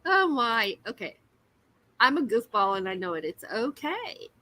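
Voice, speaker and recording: Woman, 50s, slow easygoing chat, very bright voice. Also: on the high side, very animated, no room sound, low-quality recording. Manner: giggly, self-deprecating. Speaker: livestream host. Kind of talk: casual live chat while crocheting.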